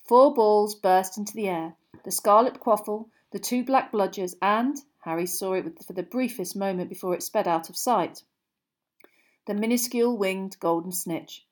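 A woman narrates a storybook in a steady reading voice. Her pitch sits in the middle range. She keeps the delivery clear and even. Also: moderate pace. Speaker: audiobook reader.

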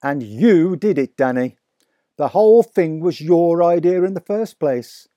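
A man reading aloud, voicing an excitable father in a children's storybook who exclaims in wonder. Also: a little high, a little slow, no echo, lo-fi sound, voice pushed up, lightly acted. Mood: proud. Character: excitable delighted adult father.

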